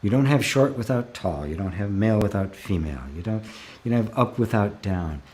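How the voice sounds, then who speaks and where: Calm low-voiced man teaching spirituality. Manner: calm, reflective, often slows to stress a word. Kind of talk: live online Q&A, reading viewer comments.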